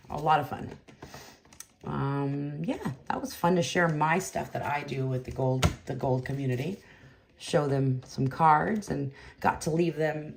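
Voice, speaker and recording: A woman hosting a card break, chatting casually and rambling between pulls, with excited outbursts. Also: sits low, background noise. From California. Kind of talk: casual live-stream chat while opening cards.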